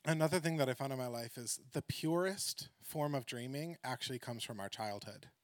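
A man preaching a sermon through a personal story, animated and laughing often, swinging between excited outbursts and hushed reflection. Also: medium pitch, fairly quick, dry recording.

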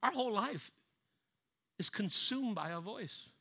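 Bright, forceful male preacher. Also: expressive, a little slow. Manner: dynamic preaching, swings from loud emphatic to low and hushed. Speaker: pastor. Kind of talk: sermon.

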